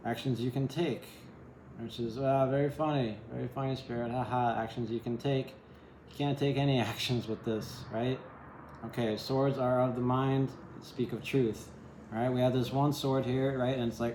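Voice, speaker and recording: A man's voice: medium pitch, steady tone, normal speed, a little mellow, slight background noise. A man giving a casual tarot reading in a rambling way, often asking "right?" and adding wry, self-deprecating asides. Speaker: tarot reader. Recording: echoey room.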